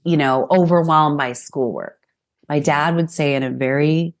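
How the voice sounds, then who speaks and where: Woman guest, 40s-50s, low gravelly voice, slow and reflective. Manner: reflective, warm storytelling. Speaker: guest therapist. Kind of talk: podcast interview conversation.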